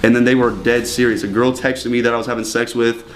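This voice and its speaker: A man's voice: mid-range voice, little pitch movement, fast, noisy background. A young man telling stories casually in an interview, swearing often and laughing between lines. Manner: profane, rambling, laughs often. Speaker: interview guest. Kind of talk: casual storytelling.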